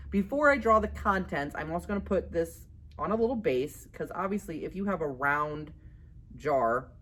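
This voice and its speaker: With a low voice, a woman teaching art walks through a relaxed drawing lesson, staying talkative and cheerful and chuckling at herself while she draws.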